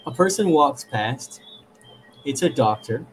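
A male therapist guest talks in a relaxed, conversational way. He tells stories with animation, and his voice sits in an ordinary middle pitch. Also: takes it slowly, a little hiss or hum, poor audio. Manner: animated storyteller. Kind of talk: conversational storytelling.

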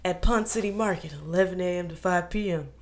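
A woman's voice: fairly low pitch, quick pace, crowd noise. A woman in casual podcast chat, blunt, swearing and laughing as she plugs her market dates. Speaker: podcast guest and market vendor.

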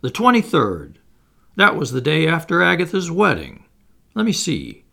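A male reader doing an elderly gentleman of the old school, pitched higher and louder than the narration. The voice keeps a gravelly edge, hesitant and nervous with forced cheer. It is a figure in a storybook reading. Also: huge pitch swings, normal speed, full character voice. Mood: bewildered, jovial. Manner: hesitant, dazed, then hearty and nervously jovial. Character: flustered respectable elderly English gentleman.

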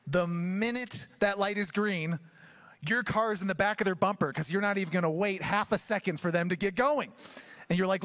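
A man preaching a sermon in church, telling the story with humor and acting out quick asides. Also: high-pitched, animated, a bit bright. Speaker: pastor.

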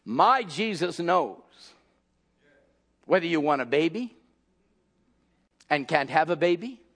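A man preaching an impassioned sermon, acting out scenes and shouting at the peaks. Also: a little high, lively intonation, takes it slowly.

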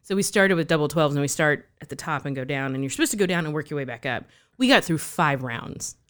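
Chatty woman, low voice. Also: lively intonation, fast talker. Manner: chatty, storytelling, laughs often. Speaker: podcast co-host. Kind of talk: casual chat.

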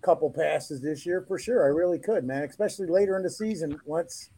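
Man, gravelly voice, slightly high pitch, crude joking banter, sports podcast guest. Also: a little fast, mellow, poor audio. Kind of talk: casual sports podcast chat.

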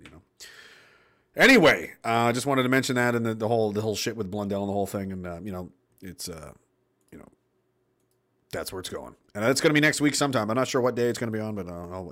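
A man's voice: fairly low pitch, fairly bright tone. A man giving an indignant, sardonic political rant on his vlog and swearing freely. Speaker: political commentator.

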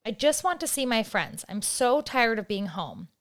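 A woman's voice: fairly high pitch, very animated, normal speed, fairly bright tone. A woman reading the lines of an upset child who misses friends, in a plain, lightly raised voice. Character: upset girl or boy missing friends.

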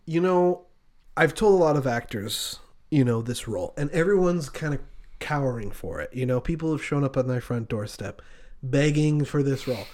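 A man in casual comedic chat, playfully pitching a made-up movie plot and doing quick voices. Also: darkish tone. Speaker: podcast co-host.

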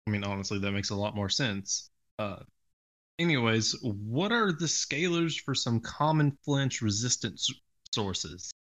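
Male podcast co-host from the southern US, asks questions. Bright, animated delivery. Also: medium pitch, a little slow. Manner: inquisitive, lively questions. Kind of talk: casual podcast chat.

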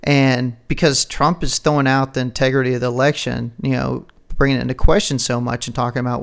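A man's voice: mid-range voice, steady tone, vocal fry. Rambling, profane man chatting. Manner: rambling, profane, quick to laugh. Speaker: podcast co-host. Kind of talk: casual political chat.

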